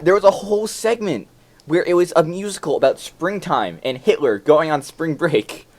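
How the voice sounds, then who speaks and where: A man's voice: a little high, animated, normal speed, darkish tone. A teenage boy co-hosting a school podcast, often jumping in to finish other people's sentences. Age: teens. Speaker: student podcast co-host. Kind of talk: casual chat.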